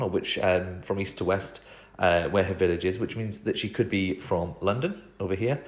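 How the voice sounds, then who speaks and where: A man's voice: fairly low pitch, a bit bright. A young man giving a wry, chatty comic explainer monologue. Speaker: video creator. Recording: roomy echo.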